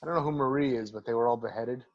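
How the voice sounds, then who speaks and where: A man's voice: medium pitch, very fast, a little mellow. Male guest, keen detail-spotter, casual chat, slightly muffled lo-fi audio. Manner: enthusiastic, points out details he likes. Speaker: podcast guest. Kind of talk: casual comic book discussion.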